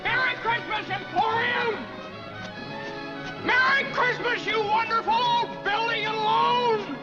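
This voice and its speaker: An actor playing an elated grown man shouting joyful greetings, from an old film soundtrack. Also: extremely high pitch, steady tone, takes it slowly, full character voice. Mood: ecstatic. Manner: ecstatic, shouting. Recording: dull old film soundtrack under loud music.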